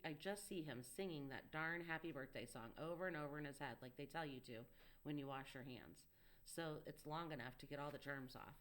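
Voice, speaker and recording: Audiobook narrator, woman, low pitch, steady and intimate. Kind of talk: first-person audiobook narration.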